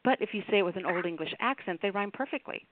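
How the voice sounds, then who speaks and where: A man with a notably high voice hosts a call-in radio show, drifting through his thoughts in a loose, chatty ramble. His voice comes through thin and tinny, like a phone line. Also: fast talker. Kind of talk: casual on-air chat.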